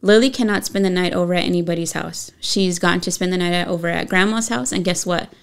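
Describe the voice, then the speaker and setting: A middle-aged woman and mother, co-hosting a casual parenting chat and telling lively stories. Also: on the low side, fast talker, gravelly, clear, resonant tone. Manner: animated storyteller who acts out dialogue. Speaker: co-host and mother.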